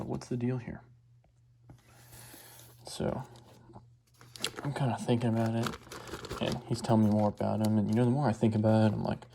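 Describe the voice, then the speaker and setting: A man's voice: fairly low pitch, creaky, dark tone, slight background noise. A man vlogging as a card collector, telling a story casually in a rambling, laid-back way and correcting himself as he goes.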